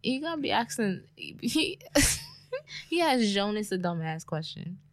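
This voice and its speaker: A woman's voice: mid-range voice, big pitch swings, takes it slowly. A woman co-hosting a podcast in casual chat, blunt and slangy, swearing casually. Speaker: podcast co-host. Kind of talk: casual chat recapping a TV series.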